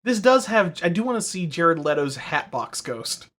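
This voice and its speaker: A man's voice: a little high, sing-song, moderate pace, fairly bright tone. A man co-hosting a podcast in casual chat, rambling and swearing, full of fillers and restarts. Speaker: podcast co-host.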